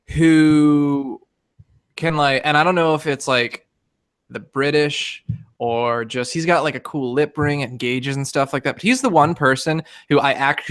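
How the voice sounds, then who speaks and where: Bright-voiced chatty podcast host. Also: male voice, on the high side. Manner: chatty, rambling storyteller with frequent fillers. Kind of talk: casual chat. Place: home recording setup, drinking beer on air.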